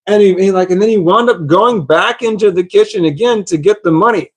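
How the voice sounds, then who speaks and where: A man's voice: sits high, brisk. A man telling a story in casual talk, rambling, repeating himself and swearing. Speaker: vlogger.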